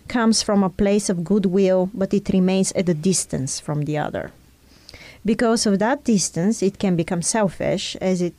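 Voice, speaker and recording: In an earnest conversation, a woman explains ideas in a teaching tone, drawing on personal examples. Her voice is lowish and dark, captured in a dry recording.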